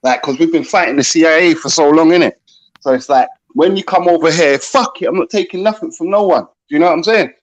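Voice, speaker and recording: A man's voice: fairly high pitch, quick pace. A man of Jamaican heritage on a livestream panel, speaking earnestly and conversationally over an online call.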